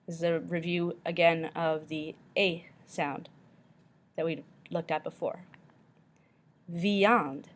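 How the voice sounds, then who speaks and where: A woman teacher giving a recorded pronunciation lesson, modeling each word slowly and carefully, often saying it twice. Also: fairly low pitch, steady tone.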